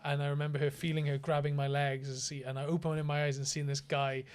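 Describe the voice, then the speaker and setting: A man's voice: fairly high pitch, fast talker, clean tone. A man, co-hosting a podcast and telling stories with lots of swearing and laughter. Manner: animated anecdote-telling, swearing, often laughing. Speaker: podcast co-host. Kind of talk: casual chat.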